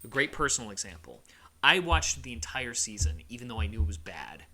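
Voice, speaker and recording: A man's voice: fairly low pitch, sing-song, a little fast, sharp tone. A man co-hosting a podcast, talking emphatically in a casual, ranting way and often repeating himself. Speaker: podcast co-host.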